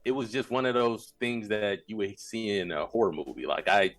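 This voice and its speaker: Guy with a lowish voice rambling thru a scary story on a podcast, dry close sound. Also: moderate pace, dry recording. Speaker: podcast co-host. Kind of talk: casual chat, telling a story.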